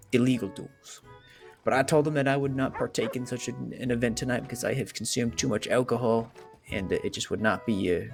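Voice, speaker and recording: Gravelly man spinning a tall tale. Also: mid-range voice. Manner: unhurried storyteller, acts out the characters. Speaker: roleplayer telling a joke story. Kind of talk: drawn-out joke told in character.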